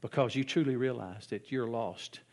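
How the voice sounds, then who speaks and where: A man preaching a sermon as pastor and leading a prayer in a reverent, earnest way. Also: mid-range voice. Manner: slow, soft and reverent in prayer, loud and animated when telling a story.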